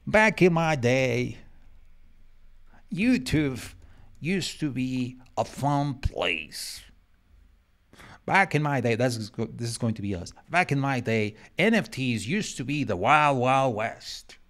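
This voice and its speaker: A man's voice: medium pitch, lively intonation, slow, a bit bright. A man putting on a grumpy old man's voice. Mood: grumbling nostalgic. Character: grumpy old man lamenting the good old days.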